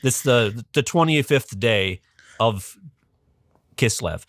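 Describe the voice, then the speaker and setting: A man in a podcast interview tells a story with animated energy, often stopping to restart a phrase or fill a pause with "um". His voice sits at a middling pitch and sounds dry and close, with no room around it. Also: no echo. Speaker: podcast guest, religious educator. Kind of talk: casual storytelling explanation.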